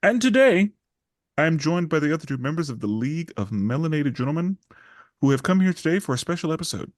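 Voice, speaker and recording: A man's voice: a little high, very animated, a little fast, dry recording, clean studio sound. A man hosting a podcast, chatting casually with playful, showman-like build-ups. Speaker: podcast host.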